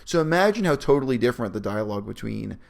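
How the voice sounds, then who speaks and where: Gravelly, opinionated man talking shop. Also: medium pitch, sing-song, quick pace. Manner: opinionated, sarcastic, breaks into mocking voices. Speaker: video reviewer. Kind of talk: casual analytical discussion.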